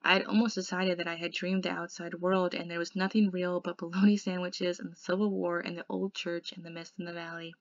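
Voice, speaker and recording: A woman tutor reading a novel aloud in steady first-person narration. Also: on the low side, a little fast, few pauses, dry recording, lo-fi sound.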